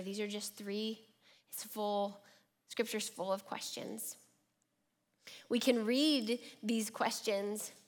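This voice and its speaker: A woman preaches in a calm, reflective way at a middle pitch, often dropping softer and slowing down to let a point settle. She reads scripture passages aloud in a measured voice. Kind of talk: sermon.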